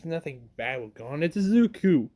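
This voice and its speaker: A man's voice: fairly high pitch, big pitch swings, moderate pace, warm tone. A man voicing a worried middle-aged mother who pleads with her son. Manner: anxious, pleading.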